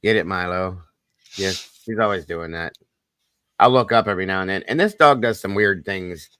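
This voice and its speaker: A man's voice: deep voice, normal speed, clean tone, no room sound. A man hosting a casual online chat, telling joking stories about his wife and dogs. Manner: joking storyteller, animated. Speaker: podcast host.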